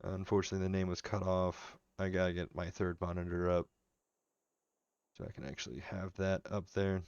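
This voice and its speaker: Man, very deep voice, smooth and clear, casual game-stream chatter, dry slightly dull mic. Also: fairly quick, dry recording. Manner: relaxed, rambling, chatting with viewers. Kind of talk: casual live-stream commentary. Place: home room.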